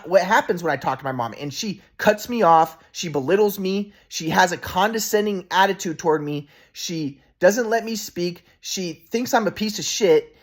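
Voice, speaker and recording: A man in his thirties venting in a casual monologue, rambling and profane, full of restarts. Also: sits high. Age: 30s. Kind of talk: casual personal vlog monologue.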